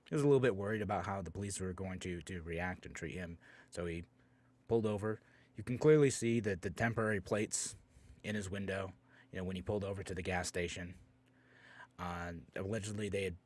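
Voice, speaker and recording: Low-voiced man hosting talk radio. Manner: casual, conversational, many fillers and restarts. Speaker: radio talk show host.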